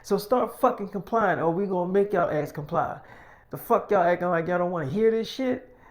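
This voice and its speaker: A man's voice: high-pitched, moderate pace, close to an everyday voice. A man voicing a bossy, foul-mouthed, fatherly enforcer who barks streetwise orders. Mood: menacing. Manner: profane, streetwise, barking orders.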